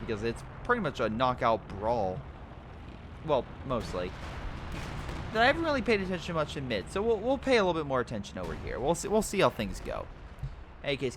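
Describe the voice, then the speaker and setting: A man commentating a strategy game replay, excitable, laughing and giving units joking voices. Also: mid-range voice. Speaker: game caster. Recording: game noise behind the voice. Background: artillery and gunfire game sounds.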